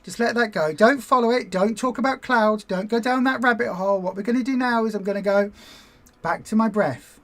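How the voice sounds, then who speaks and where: With a fairly high, brisk voice, a woman leads a weight-loss group livestream. She keeps things chatty and meandering, slipping into spirited acted-out bits.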